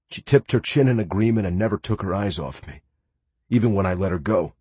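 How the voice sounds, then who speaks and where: A man's voice: deep voice, expressive, fairly quick, warm tone, husky, no room sound. A man giving first-person audiobook narration in a sarcastic, playful and brash manner.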